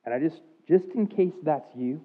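A man's voice: a little high, animated, normal speed. A man in his thirties preaching a sermon, earnest and confessional, rising to emphatic outbursts. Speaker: pastor. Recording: thin phone-like sound.

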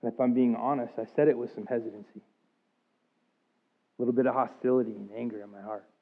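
A man's voice: mid-range voice, steady tone, brisk, gravelly. Earnest male pastor, thin phone-like sound. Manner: earnest, confessional, rising to emphatic outbursts. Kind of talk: sermon.

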